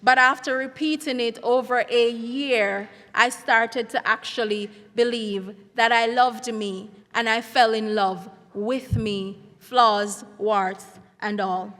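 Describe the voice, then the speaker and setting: A middle-aged woman, a school counselor giving an earnest, measured symposium speech. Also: a little high, fairly even intonation, a bit bright. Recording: reverberant hall sound.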